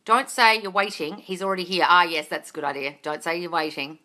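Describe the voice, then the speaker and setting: A woman manifesting coach hosting a casual live Q&A, gushing and excitable, calling listeners darling and swearing freely. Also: fairly low pitch, brisk, slight background noise. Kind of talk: casual live-stream Q&A, reading viewer comments.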